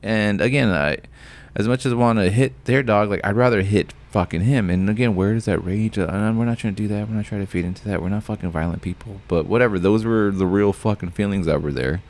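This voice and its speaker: A man's voice: lowish voice, fast talker, a little mellow. A young man co-hosting a podcast, telling a heated, profane story in casual chat. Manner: profane, heated retelling with mimicked voices. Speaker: podcast co-host.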